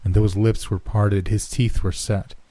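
A man narrating a horror story in a slow, measured way. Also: lowish voice, little pitch movement, mellow.

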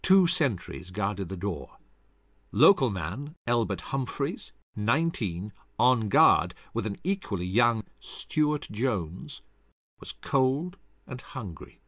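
A man reading a scripted history narration in a dramatic, expressive way into a close studio mic. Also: lowish voice, slow pace, no room sound.

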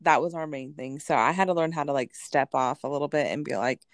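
A woman's voice: low-pitched, fast talker, no room sound, studio quality. A woman co-hosting a podcast in casual chat, speaking in an easygoing, conversational way and often agreeing with her partner. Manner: conversational, agreeable, frequent "yeah". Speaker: podcast co-host.

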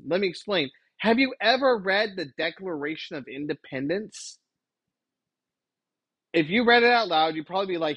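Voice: mid-range voice, expressive, normal speed, pauses often, fairly bright tone, slightly rough, dry recording, poor audio. A podcast host delivering a preachy solo rant, exasperated and emphatic, lecturing the listeners.

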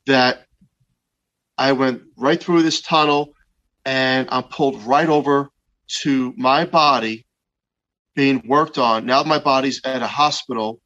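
Man in his fifties, earnest halting storyteller, mid pitch, slightly muffled recording. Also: a bit bright. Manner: slow, halting, earnest retelling with many restarts. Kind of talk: personal testimony of a near-death experience.

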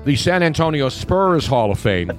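An older man from Philadelphia hosting a sports radio show, joking and bantering quickly with his guest. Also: on the high side, big pitch swings, faint music behind. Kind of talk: casual radio talk.

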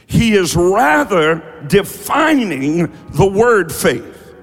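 High-voiced preacher in a big hall. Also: male voice. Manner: emphatic preaching with shouted call-and-response. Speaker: pastor. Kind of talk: sermon. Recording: long hall reverb with faint music.

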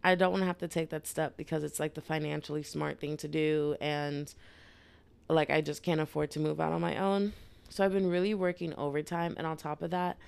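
Low, gravelly young woman podcasting casually. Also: no echo. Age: 20s. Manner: candid, rambling, slangy. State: dry, irritated throat. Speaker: podcast host. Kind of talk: casual solo podcast talk.

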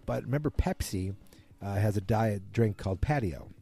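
A man's voice: fairly low pitch, moderate pace, creaky, mellow, breathy edge. A man hosting a podcast, casually recapping a TV episode in a rambling, self-correcting way. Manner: rambling, self-correcting, quoting characters loosely. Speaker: podcast host.

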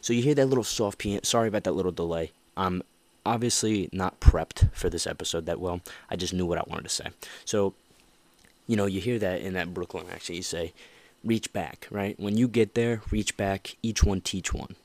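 A man with a low voice hosts a motivational podcast, rambling earnestly and looping back with "you know" and restarts. The sound is dry and close, with no room around him. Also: a little fast, a little mellow, no room sound. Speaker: podcast host.

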